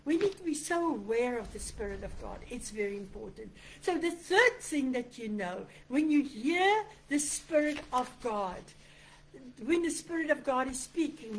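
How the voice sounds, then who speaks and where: A woman's voice: high voice, a little hiss or hum, poor audio. A woman pastor, preaching an online sermon in an earnest, conversational way, often voicing quoted prayers. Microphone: computer microphone.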